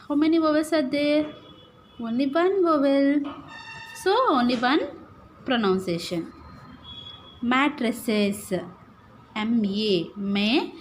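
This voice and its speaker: A woman teacher with an Indian English accent, slowly explaining syllables to young pupils and often checking that they follow. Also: sits high, a little hiss or hum. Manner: slow, repetitive, checks understanding with "right?" and "okay". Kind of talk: classroom lesson, explaining syllables.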